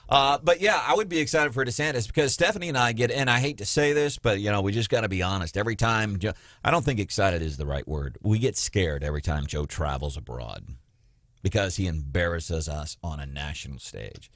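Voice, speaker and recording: A talk radio host with a fairly low voice that jumps up sharply when he mocks someone. He talks in a loose, joking way. The studio sound is dry and close. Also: a little fast, no room sound. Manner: animated, mocking, puts on quoted voices. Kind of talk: political talk radio chat.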